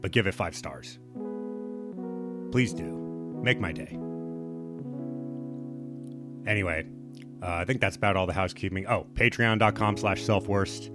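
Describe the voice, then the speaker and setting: A man's voice: sits low, a little slow, pauses often, music in the background. A man hosting a podcast, talking casually in a rambling, profane, self-mocking way. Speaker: podcast host.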